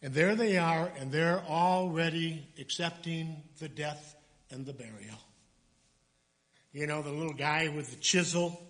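A middle-aged man preaching a sermon, animated and conversational, with chatty asides. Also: a little high. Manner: animated, acts out voices in quotes, conversational asides. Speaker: pastor.

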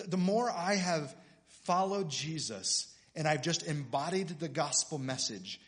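A middle-aged man, a pastor preaching a sermon with passion, building to loud emphatic peaks and reading scripture aloud. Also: on the high side. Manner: reads scripture aloud with dramatic voices.

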